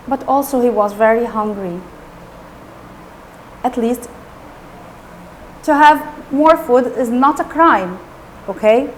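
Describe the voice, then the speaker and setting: A woman teacher retells a classic novel to her pupils, her high voice rising and falling with great animation. She speaks slowly, pausing to explain words, with a faint hiss of noise behind her.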